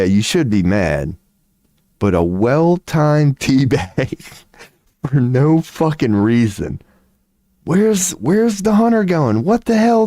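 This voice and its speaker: Profane laid-back man streaming, mellow voice. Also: lowish voice, no echo, studio quality. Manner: profane, laughing, rambling storyteller. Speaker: livestream host. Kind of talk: casual livestream chat.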